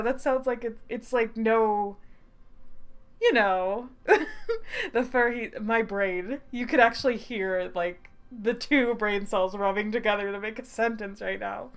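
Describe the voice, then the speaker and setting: Giggly girl streamer, middle voice, reads a story game out loud and jokes about herself. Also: mid-range voice. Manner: giggly, self-mocking asides. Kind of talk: game playthrough with read-aloud narration.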